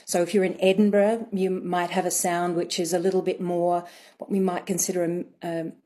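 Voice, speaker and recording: A woman accent coach, a radio interview guest, explaining thoughtfully with frequent pauses and ums. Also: fairly low pitch, flat delivery, dark tone.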